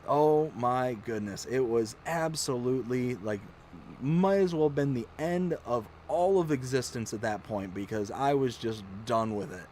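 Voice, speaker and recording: A man's voice: medium pitch, a little hiss or hum. A man hosting a casual gaming livestream, chatting and telling funny stories, acting out his own shrieks along the way. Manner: animated storyteller, acts out his own shrieks. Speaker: livestream host. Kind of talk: casual chat while gaming.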